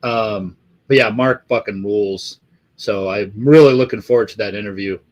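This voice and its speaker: A man's voice: on the low side, moderate pace. A middle-aged man from the Los Angeles area hosting a live stream, chatting casually with viewers in a rambling, profane way full of fillers.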